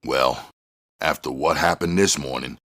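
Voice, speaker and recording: A man voicing a cocky, show-off young male police cadet with a smug, low drawl. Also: a little slow, fairly bright tone, no echo, studio quality.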